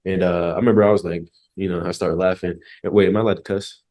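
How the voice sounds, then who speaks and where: Young man, very low voice, quick delivery, casual storytelling, slangy, jokey, swears freely. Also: fairly even intonation, darkish tone. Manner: laid-back, joking, slangy, swears freely. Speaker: podcast guest, former college football player.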